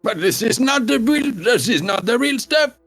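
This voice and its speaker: A man's voice: animated, moderate pace, fairly bright tone, heavily acted. A man voicing a dwarf who is outraged at being sold fake booze. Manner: shrill, indignant. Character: outraged male dwarf tasting bad booze.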